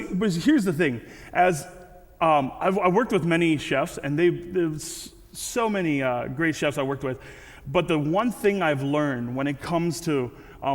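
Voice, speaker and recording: A man giving a casual, conversational sermon with frequent restarts and asides. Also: on the high side. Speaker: guest speaker. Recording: reverberant hall.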